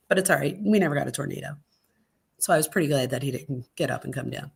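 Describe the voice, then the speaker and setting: Chatty excitable woman hosting a livestream. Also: fairly low pitch, fast, creaky, husky. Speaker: true crime livestream host. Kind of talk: casual live-stream chat. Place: at home during a storm.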